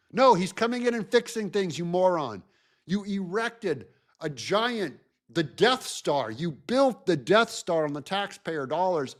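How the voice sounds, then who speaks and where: A man hosting a show, giving an animated, mocking political commentary rant. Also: high-pitched. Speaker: host.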